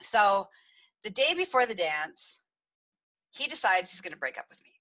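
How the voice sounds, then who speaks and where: A woman's voice: mid-range voice, sing-song, moderate pace, bright, forceful tone, poor audio. A woman hosting a podcast, telling a personal story in a confessional way, giggling and acting out dramatic moments. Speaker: podcast host.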